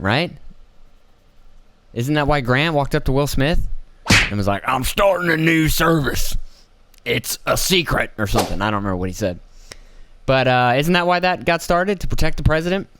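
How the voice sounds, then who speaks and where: A man's voice: mid-range voice, lively intonation, a little fast, long pauses, fairly bright tone, slight background noise. A middle-aged man hosting a podcast, ranting about politics in a profane, sarcastic way and mocking people with put-on voices. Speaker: podcast host. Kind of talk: rambling political rant.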